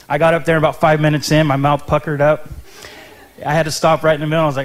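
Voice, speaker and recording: A ministry intern giving a short sermon in church, chatty and nervous, with lots of ums and restarts. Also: male voice, a little high, level tone, quick pace.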